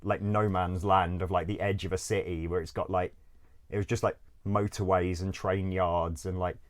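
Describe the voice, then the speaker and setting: Deep-voiced man telling rambling stories. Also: level tone, normal speed. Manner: rambling, full of "like", swears freely, laughs often. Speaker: interview guest. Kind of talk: casual storytelling.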